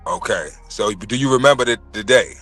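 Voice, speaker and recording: A man in his thirties telling a personal story in casual chat, profane and animated. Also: lowish voice, fairly quick, faint music behind. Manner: profane, animated storytelling, acts out quoted voices.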